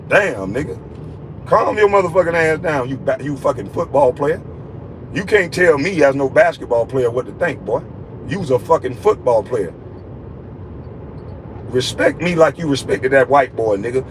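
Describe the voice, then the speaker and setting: A man's voice: medium pitch, lively intonation, moderate pace, a little hiss or hum, low-quality recording. A man delivering an angry, profane, repetitive scolding rant aimed at a critic. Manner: scolding, repetitive, heavy cursing. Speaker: vlogger ranting at a critic.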